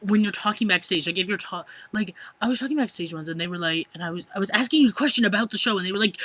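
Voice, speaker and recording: A man's voice: high-pitched, very fast, few pauses, bright, forceful tone, a little hiss or hum. A teenage man ranting exasperatedly in a vlog, swearing and saying "like" constantly. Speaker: vlogger.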